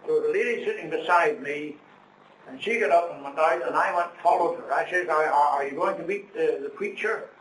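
A man's voice: a little high, fairly quick, fairly bright tone. Earnest middle-aged male preacher, echoey hall. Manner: earnest storytelling with preacherly emphasis. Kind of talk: sermon testimony. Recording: echoey room, distant mic, faint noise.

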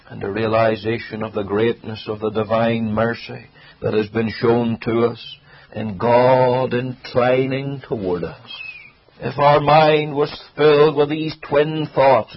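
A man preaching an earnest sermon, his husky voice rising for emphasis and sinking low. His phrasing slows to linger on key words. The broadcast sounds dull and lo-fi. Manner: earnest, swells and drops in volume for emphasis.

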